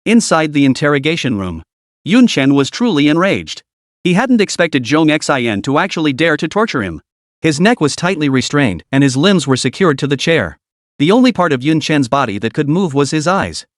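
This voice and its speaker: A man's voice: a little high, very animated, moderate pace, dry recording, studio quality. A man reading a dramatic story aloud as narrator.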